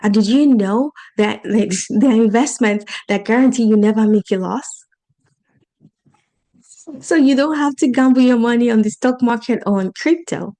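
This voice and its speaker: A woman's voice: on the high side, normal speed, dark tone. A woman with an accent hosting a solo podcast, talking earnestly and encouragingly straight to her listeners. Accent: non-native English accent. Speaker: podcast host and life coach.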